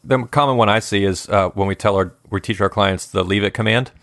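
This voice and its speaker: A man who trains dogs, explaining things in a relaxed, steady way during a conversation. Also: on the low side, a little fast, dry recording, clean studio sound. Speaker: dog trainer. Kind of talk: casual conversation.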